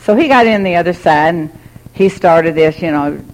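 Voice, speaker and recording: A woman's voice: fairly low pitch, moderate pace, darkish tone, slight background noise, poor audio. A woman giving a candid personal testimony, often laughing as she talks. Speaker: speaker sharing her recovery story.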